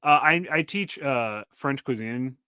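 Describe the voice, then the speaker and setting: Male podcast co-host, deadpan jokester, bright voice, dry close sound. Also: mid-range voice, unhurried, clean tone, dry recording. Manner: joking, deadpan asides. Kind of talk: casual chat.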